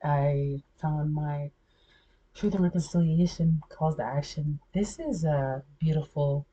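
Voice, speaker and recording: A woman's voice: low-pitched, measured pace, mellow. A woman talking casually in a vlog, rambling and often breaking off to restart her thoughts. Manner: rambling, self-interrupting, many fillers. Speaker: vlogger. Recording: dull lo-fi recording.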